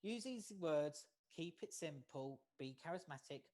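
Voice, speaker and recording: A facilitator gives an online training lecture over a video call. The pace is measured, and nearly every point ends with a checking "okay?". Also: medium pitch, animated, darkish tone. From United States. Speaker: workshop facilitator.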